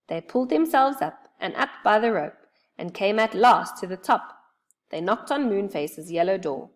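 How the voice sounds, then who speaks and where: A woman reading a children's storybook aloud with expressive, lively storytelling. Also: mid-range voice, normal speed.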